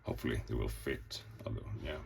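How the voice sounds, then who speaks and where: A man's voice: very deep voice, fast, vocal fry, slight background noise. A man casually showing off his comic pages, rambling, swearing often and acting out the scenes as he goes. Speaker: comic artist. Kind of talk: casual show-and-tell.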